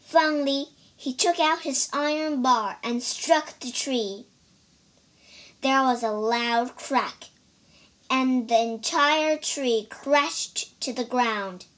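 A storyteller reading a story aloud for language learners, clear and careful, spelling out new words. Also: high-pitched, slow, a bit bright. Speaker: storyteller and English teacher.

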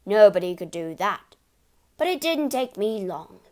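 Woman doing a loud blustering father. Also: medium pitch, animated, a little slow, close to an everyday voice. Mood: boastful. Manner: loud, bullying, shouting. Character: blustering boastful middle-aged father.

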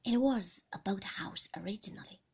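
A woman reading the part of a reserved, uneasy man who answers quietly and reluctantly in a storybook reading. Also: mid-range voice, normal speed, creaky, slightly rough, in a whisper, muffled recording.

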